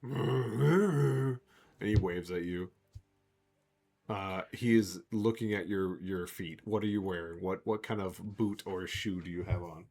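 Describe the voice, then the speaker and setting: A man narrating a tabletop game as game master, lively and slipping into character voices. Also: low voice, slow, gravelly. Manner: animated, jumps into character voices.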